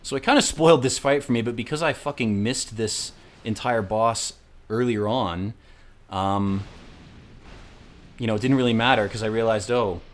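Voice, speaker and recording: A man hosting a let's play, rambling through casual, profane gameplay commentary with excitable outbursts. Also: on the low side, moderate pace.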